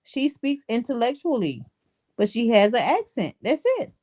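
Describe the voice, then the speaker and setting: A woman's voice: a little high, very animated, normal speed, a little mellow. A woman co-hosting a casual livestream chat, reassuring and hesitant, often restarting her sentences.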